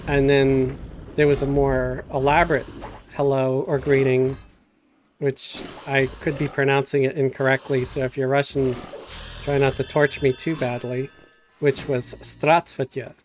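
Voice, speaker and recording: A man's voice: medium pitch, little pitch movement, measured pace, a little hiss or hum. A middle-aged man casually telling a rambling story while streaming a game, with many fillers and restarts.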